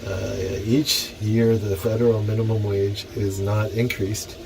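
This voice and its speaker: A man's voice: on the low side, little pitch movement, unhurried, creaky. A young man rambling profanely as he reads aloud from a book and adds jokey asides. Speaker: vlogger reading and commenting on a book. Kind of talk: rambling casual commentary. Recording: noisy background ambience.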